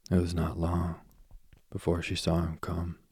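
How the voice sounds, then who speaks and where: Very deep, husky, slow sleep-story man. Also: completely flat delivery, mellow, no room sound. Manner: slow, soothing, drifting into whispers. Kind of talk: bedtime story reading.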